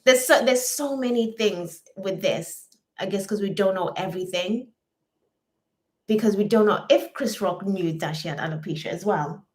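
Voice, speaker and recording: A woman's voice: mid-range voice, moderate pace, darkish tone. Chatty British woman co-hosting a stream. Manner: chatty, reads out viewer comments. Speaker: livestream co-host. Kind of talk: casual live chat.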